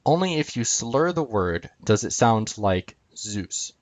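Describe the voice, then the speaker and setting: A man's voice: medium pitch, very animated, slow, no echo. A man explaining a chart on screen, talking hesitantly with many filler sounds. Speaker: video presenter.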